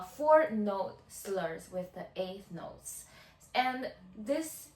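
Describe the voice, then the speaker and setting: A woman teaching violin in a tutorial, counting beats out in a slow, patient way. She is heard from a little way off in a roomy space, with violin playing around her words. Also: a little high, slight background noise. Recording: roomy sound from a distance.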